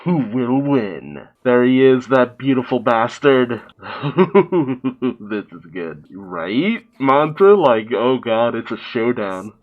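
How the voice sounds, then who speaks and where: Man, reaction host, lively swinging pitch, profane jokey commentary, muffled recording. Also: slow pace. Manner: animated, profane, laughs often, mock-quotes characters.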